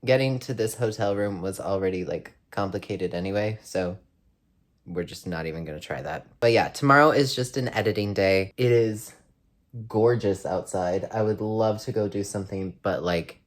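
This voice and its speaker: A man's voice: lowish voice, normal speed. A tired, out-of-breath man vlogging from a hotel room, rambling and laughing as he chats. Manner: rambling, chatty, laughs often. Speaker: travel vlogger. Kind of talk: casual vlog chat to camera.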